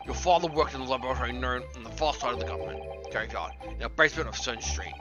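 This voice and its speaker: A streamer voicing an older male prison governor, reading game dialogue in a low, quiet, clipped delivery. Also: quick pace, muffled recording, music in the background, close to an everyday voice. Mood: dry gruff. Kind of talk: game dialogue read-along.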